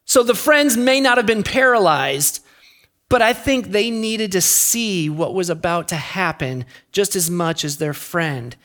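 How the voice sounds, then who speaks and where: Earnest preacher giving a sermon. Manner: earnest, with emphatic swings of pitch and loudness. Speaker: pastor.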